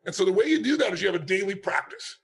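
A man's voice: sits high, sing-song, racing, fairly bright tone. A man in his sixties giving a motivational talk, telling stories emphatically and acting out quotes. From United States. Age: 60s. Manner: storytelling, emphatic, acts out quotes. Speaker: motivational speaker.

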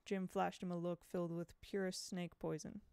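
Woman audiobook reader, measured and expressive, smooth, dry close mic. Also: on the low side, dry recording. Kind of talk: audiobook reading of a novel.

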